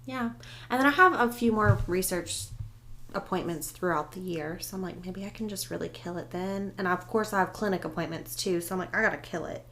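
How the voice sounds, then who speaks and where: A woman's voice: on the low side, brisk, fairly bright tone, a little hiss or hum. Chatty woman co-hosting a podcast. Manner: chatty, quotes her own thoughts, laughs easily. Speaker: podcast co-host. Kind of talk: casual chat.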